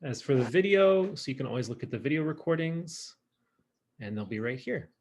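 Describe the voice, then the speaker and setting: A man teaching a French class online, modeling pronunciation in an exaggerated, lively way over a video call. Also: medium pitch, fairly quick, slight background noise. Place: home, virtual class. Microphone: computer mic on a video call.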